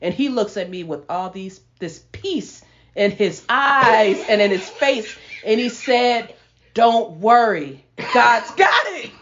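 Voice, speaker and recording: A woman hosting a podcast, telling a personal testimony in animated, casual storytelling that breaks into laughter. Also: medium pitch, slow pace. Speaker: podcast host. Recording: lo-fi sound.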